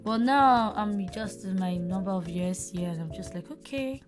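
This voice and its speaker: A young woman co-hosting a podcast, telling animated stories and acting out conversations. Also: mid-range voice, moderate pace, music in the background. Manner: animated anecdotes, acts out dialogue. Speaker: podcast co-host. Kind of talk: casual chat, storytelling.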